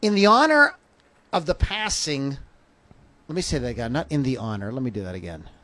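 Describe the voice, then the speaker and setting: In a home studio where a fan runs, a podcast host with a sing-song, medium-pitched voice talks a little fast on his rock podcast livestream. The chat is casual and rambling, with jokes and frequent self-corrections.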